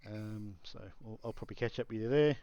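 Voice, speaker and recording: A man's voice: on the low side, fast, dark tone. A man hosting a podcast, chatting casually, often repeating words and laughing between phrases. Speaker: podcast host. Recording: dry, dull lo-fi mic.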